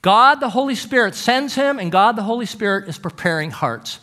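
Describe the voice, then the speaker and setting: A middle-aged man preaching, his voice high and bright as he leans into each story. He swings his pitch widely, pausing for effect and pressing hard on key words. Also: expressive. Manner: storytelling, emphatic with dramatic pauses. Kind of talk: sermon.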